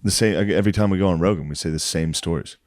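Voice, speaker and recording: A man's voice: deep voice, racing, a little mellow, dry recording. A man co-hosting a podcast, teasing the others in casual chat. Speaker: podcast host.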